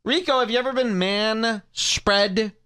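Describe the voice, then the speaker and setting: A man's voice: sits high, measured pace, bright, forceful tone, smooth. A man hosting a show, mocking a clip in comedic commentary with laughter and impressions.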